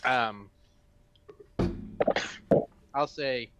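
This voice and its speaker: A man playing a tabletop game, speaking in character in a slow, halting way with many fillers. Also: lowish voice, noisy background. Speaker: player.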